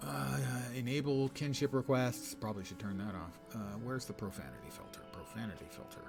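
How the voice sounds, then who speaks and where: An older man chats his way through a game stream in a wry, meandering way, poking fun at himself as he goes. His voice sits at a middling pitch, with faint game music underneath. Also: brisk, gravelly. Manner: wry, rambling, self-mocking asides. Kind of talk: live gameplay commentary.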